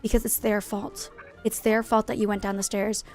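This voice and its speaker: A woman's voice: medium pitch, flat delivery, moderate pace, a little mellow, soft background music. A woman live-streaming a game in casual chat, greeting viewers and going off on playful, jokingly dramatic rants.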